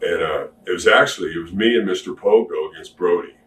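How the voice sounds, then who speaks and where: A man with a very low voice tells stories in a relaxed, rambling way and pokes fun at himself. He sits back from the mic, so the voice sounds far off in an echoey room with a faint hiss underneath. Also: fast. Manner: laid-back, rambling, self-deprecating humor. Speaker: interview guest, former wrestler. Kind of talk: casual storytelling interview.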